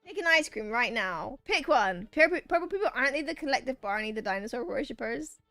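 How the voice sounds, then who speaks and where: A woman's voice: sits high, expressive, brisk, sharp tone. A woman streaming a video game who chats playfully with her viewers, reading their messages aloud and bantering back. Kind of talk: casual chat with a live chat while gaming. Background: faint game music.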